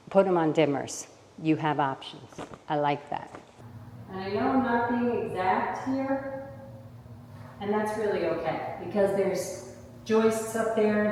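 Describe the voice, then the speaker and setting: A woman's voice: mid-range voice, a little mellow. Woman interior designer, casual on-site tutorial, practical and reassuring, long room reverb. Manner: practical, reassuring, thinks aloud while counting. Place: kitchen under renovation, indoors.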